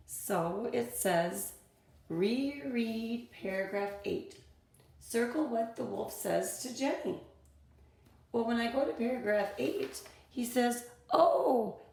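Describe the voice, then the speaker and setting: A woman teacher reads a story aloud and explains it patiently, one step at a time. Her voice has a gravelly, fry-edged texture. The sound is roomy and echoey. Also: medium pitch, darkish tone. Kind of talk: reading lesson for children.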